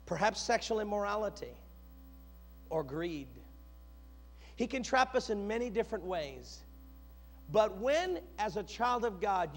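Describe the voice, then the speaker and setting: Male preacher, high bright voice, big swings in pitch, storytelling with dramatic pauses, long hall echo. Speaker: pastor. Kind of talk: sermon. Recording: long echoey hall reverb.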